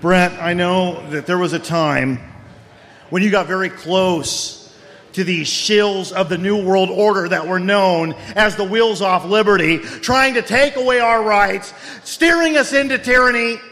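A man putting on a bombastic, paranoid talk-show host who builds his rants into grave pronouncements, pitched a little high for a man. His voice rings out with a long hall reverb, as if recorded live in a large room. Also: slow pace, a bit bright, full character voice. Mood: ranting. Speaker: comedic co-host. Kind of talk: parody of a ranting conspiracy radio host.

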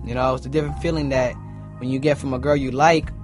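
A man's voice: mid-range voice, fairly even intonation, fast talker, over music. A young man recounting a personal story in a casual way, acting out what people said. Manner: casual, retells events by acting out quoted dialogue. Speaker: interviewee.

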